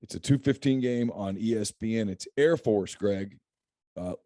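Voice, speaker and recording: Low, mellow-voiced joking man. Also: normal speed, no room sound, clean studio sound. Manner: chatty, joking, laughs often. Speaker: podcast host. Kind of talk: casual sports picks chat.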